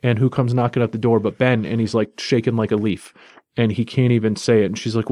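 A man's voice: lowish voice, little pitch movement, quick pace, a little mellow, dry recording, clean studio sound. A man casually recapping and reviewing a comic book in a chatty, enthusiastic, loosely told way.

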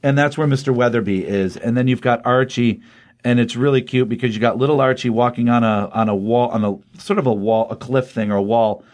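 A man's voice: medium pitch, steady tone, a little fast, a little mellow. A man co-hosting a podcast, casually retelling a comic's story in a rambling way, slipping into quoted lines as he goes. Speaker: podcast co-host. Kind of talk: casual chat recapping comics.

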